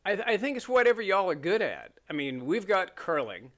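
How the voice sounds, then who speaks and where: Bright-voiced joking Canadian man. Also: high-pitched, very animated, fairly quick. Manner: joking storyteller, laughs often, mimics voices. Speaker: podcast guest. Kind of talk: casual chat.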